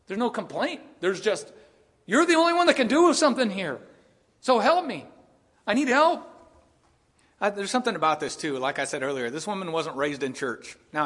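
A man's voice: on the high side, a bit bright. A male pastor preaching with a voice that sits a little above the usual male range. He talks earnestly through a passage. He keeps pressing his listeners with rhetorical questions. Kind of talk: expository sermon.

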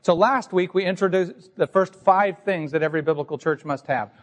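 A man's voice: high voice, a little fast. Emphatic preaching man in reverberant hall. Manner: emphatic, teacherly preaching with rhetorical questions. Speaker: pastor. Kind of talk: sermon. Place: church sanctuary.

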